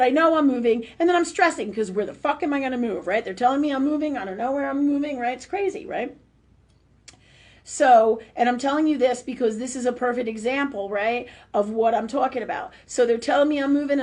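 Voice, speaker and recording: A woman's voice: fairly high pitch, brisk, darkish tone. A woman hosting a live-streamed spiritual talk show, telling a personal story in a loose, chatty way, tagging her sentences with "right?" and swearing freely. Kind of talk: live-streamed casual monologue. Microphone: webcam or phone on a live stream.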